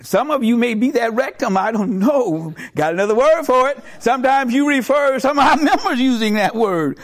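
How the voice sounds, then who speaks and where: A man's voice: very high-pitched, moderate pace. A middle-aged man preaching a sermon, telling a joke and acting out its characters in a storytelling manner. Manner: storytelling, animated voices for characters.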